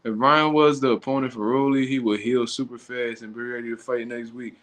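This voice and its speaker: A man's voice: mid-range voice, fairly even intonation, fairly quick, a bit bright. A man hosting a casual livestream who reacts to viewer comments in blunt, slangy, profane talk. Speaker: livestream host.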